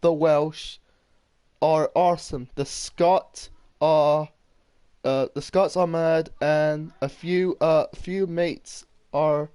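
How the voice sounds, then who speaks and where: A man's voice: fairly high pitch, steady tone, slow pace, warm tone, clear, resonant tone, dry recording. A man doing casual gaming commentary, rambling and swearing while he reads his chat. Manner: rambling, swearing, many restarts. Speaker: gaming streamer.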